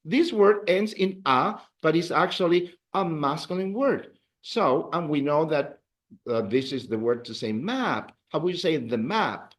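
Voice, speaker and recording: A man's voice: on the high side, unhurried. A man teaching a beginner language class, explaining rules and leading drills with praise. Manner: animated, drills students with counts and praise. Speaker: Spanish teacher.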